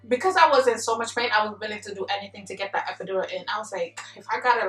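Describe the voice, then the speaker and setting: Animated young woman telling a story in an echoey room. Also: mid-range voice, fairly quick. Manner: animated, slangy, acts out her own yelling. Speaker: vlogger. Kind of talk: casual storytelling to camera. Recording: echoey room, mic at a distance, faint music.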